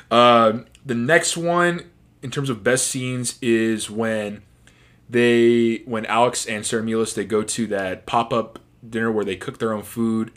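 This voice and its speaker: A man in a casual commentary, talking about his favorite film scenes in a rambling, chatty way with restarts. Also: fairly low pitch. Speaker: movie reviewer.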